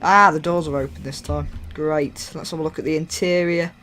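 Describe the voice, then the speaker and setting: A man chatting through a train game in a loose, joking, self-mocking way. His voice sits a little high. Faint game sounds run underneath. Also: fairly even intonation, moderate pace, sharp tone, slight background noise. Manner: rambling, jokey, self-mocking. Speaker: gaming YouTuber. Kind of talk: casual gameplay commentary.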